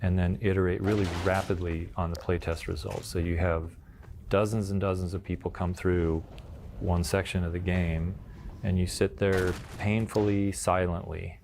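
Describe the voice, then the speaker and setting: A man interviewed for a documentary, reflecting on playtesting in a dry, deliberate, wry way. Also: low-pitched, little pitch movement, vocal fry, noisy background. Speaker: game developer interviewee.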